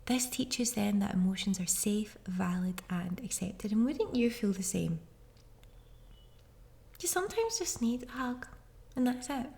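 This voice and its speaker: A woman's voice: mid-range voice, expressive, measured pace, creaky, a little mellow. A woman in her thirties hosting a podcast, talking casually and reassuringly straight to parents listening. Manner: chatty and reassuring, speaks directly to listeners. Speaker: podcast host. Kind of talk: casual parenting advice monologue.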